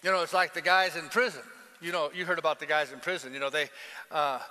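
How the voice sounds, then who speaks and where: Male pastor, lively sermon style with call and response, ringing bright voice, long church reverb. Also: fairly high pitch, fast. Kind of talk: sermon with a told joke. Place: large church hall.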